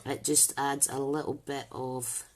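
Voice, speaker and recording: Low-voiced chatty woman crafter. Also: little pitch movement, a little slow, a little mellow. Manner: chatty, rambling, thinks aloud while working; greets live viewers by name. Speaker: crafting channel host. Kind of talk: casual live crafting demo.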